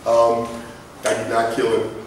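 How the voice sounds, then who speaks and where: A man's voice: mid-range voice, completely flat delivery, unhurried, a little hiss or hum. Brief: middle-aged male speaker, mid-range voice, chatty anecdotal lecture style, distant echoey room sound. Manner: conversational storytelling with asides and jokes. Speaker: guest lecturer. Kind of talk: presentation to students. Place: large lecture hall. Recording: echoey hall from far off.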